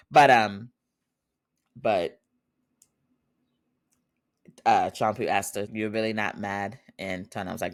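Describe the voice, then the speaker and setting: A man's voice: lowish voice, fairly bright tone, no echo. Chatty man recapping a drama, dry close mic. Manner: chatty, laughs often, acts out quotes. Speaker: podcast host. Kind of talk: casual episode recap.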